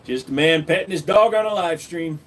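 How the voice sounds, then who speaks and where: A man's voice: fairly high pitch, normal speed, fairly bright tone. A man chatting casually on a live stream at home, joking with viewers and talking to his dog. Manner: chatty, jokey, talks to his dog in a baby voice.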